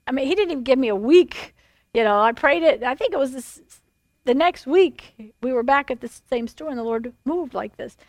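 A middle-aged woman preaches, recounting her story in an animated, rambling way. Her voice sits a little high. The recording is dry and close. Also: normal speed, dry recording. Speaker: pastor. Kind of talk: sermon testimony.

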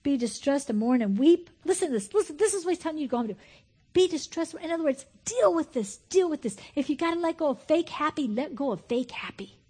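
A woman in her fifties preaching a sermon, swinging between loud, excited exclamations and hushed, whispered asides. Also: sits high, fast talker. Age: 50s.

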